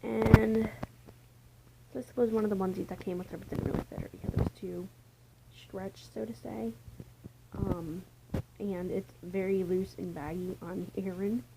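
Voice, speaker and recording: A woman's voice: mid-range voice, level tone, moderate pace, vocal fry, pauses often, background noise. A young woman vlogging casually from home in a rambling, chatty way, sometimes dropping to a near-whisper. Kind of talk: casual chat. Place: home, indoors. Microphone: camera mic.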